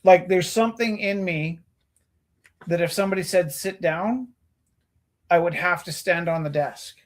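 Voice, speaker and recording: A man's voice: high voice, measured pace, slight background noise. A man in his forties hosting a casual chat, telling earnest stories and acting out what people said. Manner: earnest storytelling, acts out quoted lines. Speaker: host.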